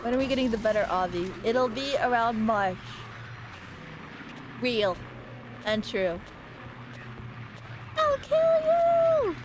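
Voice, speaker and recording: Woman streamer, fairly high voice, playful and rambling, teasing her chat, now and then a squeaky yell; clear hiss behind her. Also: measured pace, pauses often. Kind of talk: casual gaming livestream chat.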